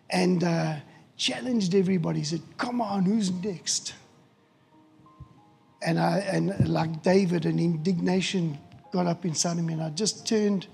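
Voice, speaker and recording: A middle-aged man, preaching a storytelling sermon in an animated way, acting out quotes and often restarting words. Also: high voice, vocal fry, husky. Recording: hall reverb with faint music.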